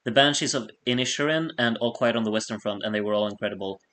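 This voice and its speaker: A man's voice: lowish voice, fast talker, a bit bright. A man hosting a late-night live stream, chatting casually, reading viewer messages aloud and laughing often as he rambles.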